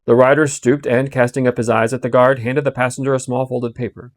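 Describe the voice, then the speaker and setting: A man reading a classic novel aloud with expressive storytelling. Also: mid-range voice, a little fast, no room sound. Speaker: audiobook reader.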